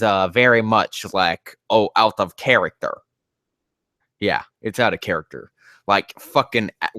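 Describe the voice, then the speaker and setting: A man's voice: fairly low pitch, pushed and bright, no echo, studio quality. A man reading fanfiction aloud and ranting about it in profane, exasperated commentary.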